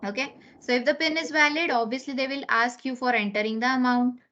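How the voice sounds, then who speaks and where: A woman's voice: sits high, steady tone, fairly quick, sharp tone. A woman teaching an online class, explaining step by step and often checking in with "okay?". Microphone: computer mic on a video call. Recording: lo-fi online meeting recording.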